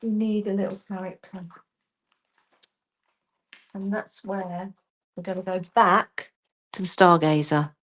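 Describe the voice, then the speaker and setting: A woman's voice: medium pitch, steady tone, slow, long pauses, a bit bright. Casual female craft host, self-deprecating, talks while she works. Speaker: craft demonstrator. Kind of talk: live crafting demo.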